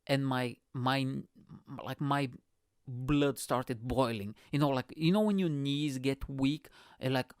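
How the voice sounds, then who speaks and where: A man's voice: mid-range voice, takes it slowly, clean tone, no room sound, clean studio sound. A man, a podcast host, telling a long casual story in English, swearing freely and laughing often. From Bulgaria. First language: Bulgarian.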